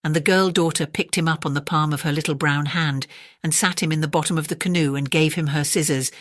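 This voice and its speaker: A storyteller reading a classic bedtime story aloud in a calm, measured way. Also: mid-range voice, dry recording, clean studio sound.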